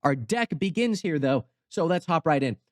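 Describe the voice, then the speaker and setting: A young male host with a high, light voice tells a story in a goofy, rambling way, full of sarcastic asides. He is recorded on a close mic in a dry space with no room echo. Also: animated, moderate pace. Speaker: channel host. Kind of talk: comedic storytelling commentary.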